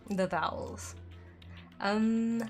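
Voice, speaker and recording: A woman's voice: medium pitch, drawn-out words, soft background music. A woman streaming a game and chatting casually, her throat dry from illness and her speech slightly lisped by dental aligners. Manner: chatty, rambling, reads chat aloud. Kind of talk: casual live gameplay chat.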